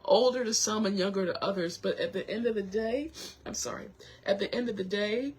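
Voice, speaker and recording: A young woman hosting her own show, talking to viewers while close to tears, halting with many restarts and apologies. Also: mid-range voice, breathy edge. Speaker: show host. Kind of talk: emotional personal talk to viewers.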